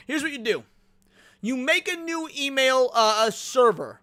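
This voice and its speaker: A man hosts a livestream with loose, profane commentary, stretching words out for effect. His voice sits very high for a man and sounds sharp and bright. The sound is dry and close. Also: no room sound. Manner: profane, excitable, drawn-out for emphasis. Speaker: livestream host.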